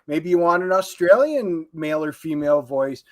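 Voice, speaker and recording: A man's voice: on the high side, lively intonation, normal speed. A man co-hosting an interview show, joking around and plugging events in a casual chat. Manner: playful, joking plugs and banter. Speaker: co-host.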